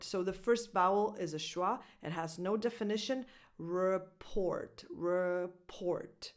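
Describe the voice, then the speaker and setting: Slow, deliberate woman pronunciation coach. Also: mid-range voice. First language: Italian. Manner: slow, deliberate word repetitions with stressed syllables. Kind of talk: pronunciation lesson.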